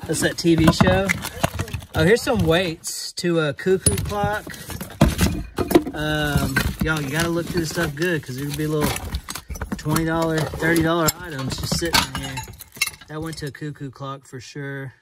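A resale-finds vlogger rummages through boxes while rambling in a fairly high voice, growing excited at little things. His casual running commentary was captured on a phone, with loud clicks and handling noise throughout.

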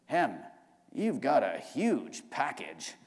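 A man's voice: medium pitch, wildly swooping pitch, slow pace, vocal fry, pitched below the performer's own voice, full character voice. A man reading aloud as a blunt, middle-aged male agency boss who is matter-of-fact and placating. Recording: live reading in a hall.

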